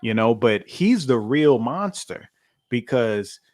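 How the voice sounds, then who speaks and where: A man's voice: medium pitch, sing-song, slow pace, darkish tone. A man co-hosting a podcast in casual chat, loose and conversational, with many fillers and restarts. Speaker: podcast co-host.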